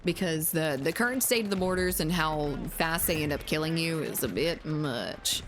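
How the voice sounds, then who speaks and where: A woman's voice: deep voice, moderate pace, fairly bright tone, slight background noise. A woman game streamer with a Southern US accent. She chats casually and rambles, with lots of fillers and the odd swear word. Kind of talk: casual live-stream chat.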